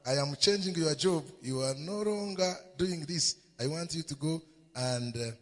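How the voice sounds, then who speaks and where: A man's voice: fairly high pitch, moderate pace, close to an everyday voice. A man preaching who voices a demanding older woman giving orders to her servant. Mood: commanding. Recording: long hall reverb.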